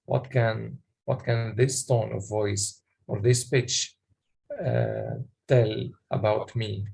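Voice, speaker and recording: A man presenting a workshop, explaining in a halting way with many pauses and questions to the audience. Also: on the low side, steady tone, vocal fry, darkish tone, husky.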